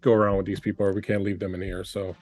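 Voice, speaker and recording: Man playing a protective mutant leader, firm and folksy, lowish voice, tabletop game. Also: flat delivery, rapid-fire, darkish tone, faint music behind. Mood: urgent. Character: steadfast protective mutant leader of wounded captives.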